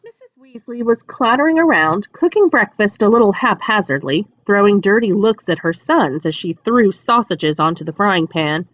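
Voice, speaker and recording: A woman reading a children's fantasy book aloud as narrator, with an expressive, lilting delivery. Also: medium pitch, moderate pace, hardly any pauses. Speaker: audiobook reader. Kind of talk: storybook read-aloud narration. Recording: dry, dull lo-fi sound.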